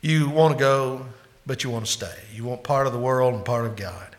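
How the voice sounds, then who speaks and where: A man preaching a sermon as pastor, swinging between loud, emphatic climaxes and quieter, hushed asides. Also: mid-range voice, normal speed.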